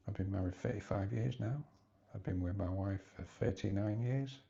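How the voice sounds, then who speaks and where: Gravelly-voiced man, halting and hesitant. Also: fairly low pitch, dark tone, highs cut off. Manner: hesitant, halting, rambling with restarts. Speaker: vlogger. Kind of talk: personal confessional vlog.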